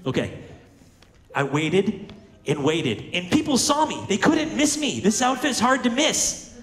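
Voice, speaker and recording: A man's voice: sits high, big pitch swings, unhurried, a bit bright, reverberant. A man telling a funny, self-mocking childhood story to an audience, acting out the voices in it. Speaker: motivational speaker. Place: large room with audience.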